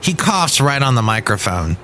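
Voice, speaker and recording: A man's voice: mid-range voice, big pitch swings, moderate pace, noisy background. A man hosting his own podcast, talking through the week's news in a rambling, wry, opinionated way. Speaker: podcast host. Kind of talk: casual solo podcast monologue.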